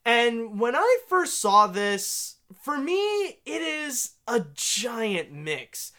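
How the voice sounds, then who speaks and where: A woman hosting an animation news podcast, chatty and animated, with gushing emphasis. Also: fairly high pitch, extremely slow. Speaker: podcast host.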